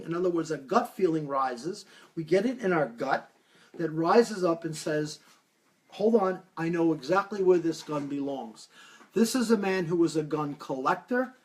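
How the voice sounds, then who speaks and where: A man giving a live-stream talk as a medium, taking viewer questions and telling stories with lively acted-out quotes. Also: high-pitched. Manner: animated storytelling, acts out quoted voices.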